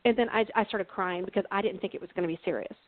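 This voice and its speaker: A woman's voice: medium pitch, rapid-fire, no echo. A woman from Texas, a guest author, telling funny personal stories in a casual chat and laughing often. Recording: tinny phone-like line, dry.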